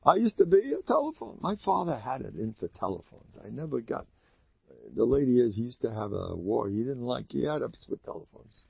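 A man speaking as a rabbi, telling stories in a lively Torah talk and acting out characters with sudden loud outbursts. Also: fairly quick, creaky, slightly rough, no room sound, dull audio. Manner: animated, acts out characters with sudden high shouts.

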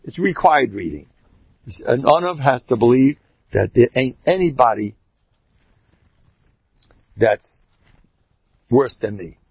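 A man, giving an animated Torah lecture. His gravelly, husky voice swings widely in pitch as he tells stories. The recording is dry and dull, lo-fi. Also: slow, long pauses, dry recording. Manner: animated storyteller, jumps between Hebrew terms and English slang. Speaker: rabbi giving a class.

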